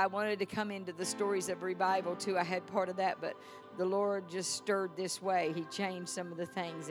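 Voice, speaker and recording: A woman preaching a healing sermon in a church service, impassioned and swinging from loud proclamations to soft asides. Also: on the low side.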